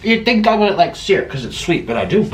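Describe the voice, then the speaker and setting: Male mukbang host, chatty and rambling, lively pitch, echoey room tone. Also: brisk. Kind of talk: casual chat while eating. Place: room at home. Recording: echoey room with faint background noise.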